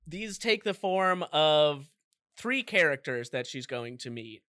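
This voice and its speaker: A man's voice: fairly high pitch, sing-song, takes it slowly, sharp tone, no room sound, clean studio sound. A man co-hosting a podcast, casually recapping a video game story with jokey asides. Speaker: podcast co-host.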